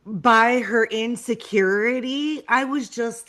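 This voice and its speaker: A woman from New Orleans co-hosting a reality TV recap podcast, chatting casually with quick, emphatic asides. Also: fairly high pitch, expressive, a bit bright. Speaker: podcast co-host.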